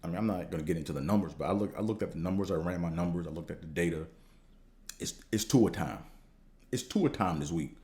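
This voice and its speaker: A man hosting a podcast, talking in a casual, slangy, profane monologue that rambles and jumps higher when he gets fired up. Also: quick pace, warm tone. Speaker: podcast host.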